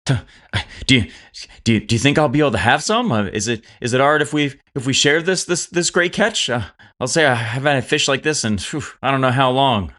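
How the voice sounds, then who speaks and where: A man's voice: medium pitch, animated, fairly bright tone, pitched above the performer's own voice, close to an everyday voice. A man voicing an eager, hesitant male sailor who stammers and halts. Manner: stammering, halting.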